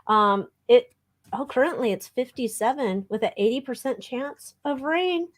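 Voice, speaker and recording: A woman's voice: on the high side, lively intonation, normal speed. A woman co-hosting a live tarot stream, chatting in a playful, bubbly way and swearing casually. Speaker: tarot reader co-host. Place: home room.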